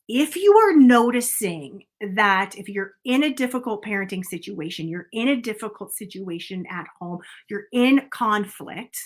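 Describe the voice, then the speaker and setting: A middle-aged woman speaking to camera as a coach, calm and earnest, often checking in with "okay?". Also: medium pitch.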